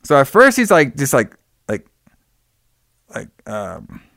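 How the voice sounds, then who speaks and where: A podcast co-host with a slow, gravelly, medium-pitched voice casually recaps a movie plot, swearing freely and acting out the characters' lines. The recording is dry and clean, studio-quality.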